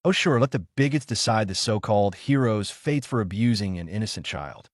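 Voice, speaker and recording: A man voicing a young male ninja who is cool-headed but quick to anger. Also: on the low side, expressive, no room sound, studio quality, lightly acted. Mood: angry.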